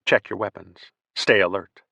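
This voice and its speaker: A man voicing a jittery, eccentric sergeant who speaks in a hoarse whisper. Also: low-pitched, fairly even intonation, moderate pace, pushed and bright, no echo, exaggerated voice. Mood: urgent.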